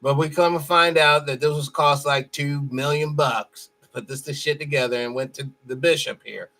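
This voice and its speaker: A man's voice: fairly high pitch, fairly even intonation, normal speed, pushed and bright. A man hosting a show, giving blunt, profane and mocking commentary over a played clip. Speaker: host.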